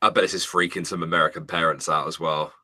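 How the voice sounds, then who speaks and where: Bright-voiced man reading news stories. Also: low-pitched, fairly even intonation, fast talker. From Britain. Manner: jokey, swears casually, frequent laughter. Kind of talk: casual chat.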